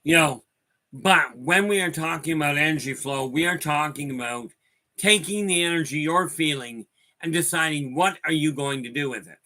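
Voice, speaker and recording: Man, livestream host, bright piercing tone, slightly high voice, rambling storyteller. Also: normal speed. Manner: rambling storyteller, addresses viewers by name. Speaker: host of a spiritual talk stream. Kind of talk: casual talk answering viewer chat.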